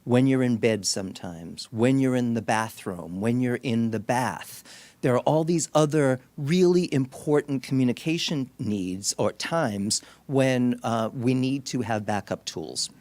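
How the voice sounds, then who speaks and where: A man's voice: medium pitch, unhurried, darkish tone, no echo. A middle-aged man, a speech-language clinician, gives an educational talk to an audience in an auditorium and tells stories in a conversational way with frequent restarts. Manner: storytelling, conversational, with many restarts. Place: medical center auditorium.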